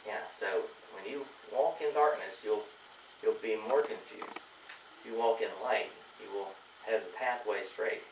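A man's voice: fairly low pitch, unhurried, creaky. A man teaching a church Bible class, with lots of fillers and restarts. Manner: rambling, many fillers and restarts. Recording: echoey room, mic far off, faint hiss.

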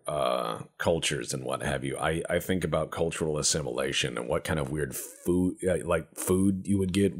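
A man giving joking, profane, rambling commentary while playing a strategy game. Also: sits low. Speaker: gameplay commentator. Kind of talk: let's-play commentary.

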